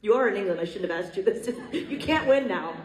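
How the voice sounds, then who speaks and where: A woman's voice: mid-range voice, expressive, a little fast, darkish tone. A woman moderating a convention panel, asking friendly, teasing questions. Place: convention stage hall. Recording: echoey hall, distant mic.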